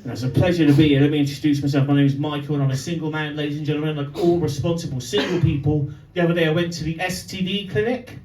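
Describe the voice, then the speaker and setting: A man's voice: fairly high pitch, fast, few pauses, a little hiss or hum. A young man doing a stand-up comedy set, telling stories that build to punchlines. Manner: animated storytelling with punchlines. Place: pub venue with live audience. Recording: echoey live room from far off. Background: audience laughter.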